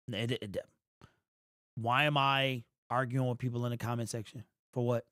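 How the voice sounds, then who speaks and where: A man hosting a sports fan livestream, tired and emotional, his frustrated talk rising into shouted rants. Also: medium pitch, fairly even intonation, normal speed, no room sound, clean studio sound.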